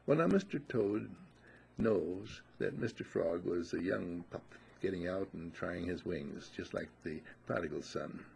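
Male speaker spinning a folksy parable, animated delivery, rough gravelly tone. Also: low voice, a little slow, a little hiss or hum. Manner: lively, folksy storytelling with fillers. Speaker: inspirational speaker. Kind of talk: storytelling talk, parable.

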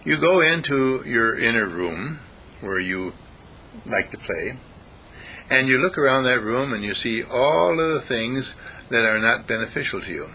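A man giving an informal spiritual talk, animated and acting out voices as he goes. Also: mid-range voice, unhurried, a little hiss or hum, poor audio. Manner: animated, acts out voices, chuckles often.

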